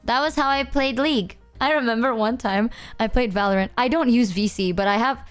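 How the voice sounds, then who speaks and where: A woman's voice: a little high, fairly quick, clear, resonant tone, soft background music. A young adult woman streamer rambling through game stories with slang and swearing. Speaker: VTuber streamer. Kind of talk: casual storytelling about games.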